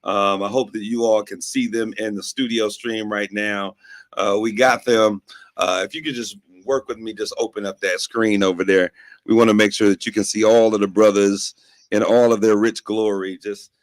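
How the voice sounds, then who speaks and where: Male talk host, rallying and emphatic, low voice, dry studio sound. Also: steady tone, moderate pace, no room sound.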